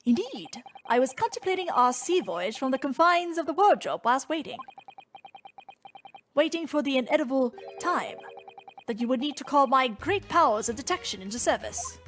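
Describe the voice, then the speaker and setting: A woman voicing a pompous, eccentric male gentleman detective in a video game, reading his lines aloud in a grandiose, theatrical way. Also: sits high, big pitch swings, normal speed, faint music behind.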